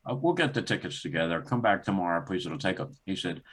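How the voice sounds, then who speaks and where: An older man speaks in a low, deep voice as an interview guest, recounting a story at an easy conversational pace. He slips into the voices of the people he is describing, pushing his pitch up, and he laughs now and then as he goes. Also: quick pace. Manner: animated, acts out dialogue in the story with rising pitch and laughter. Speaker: guest, former sports executive.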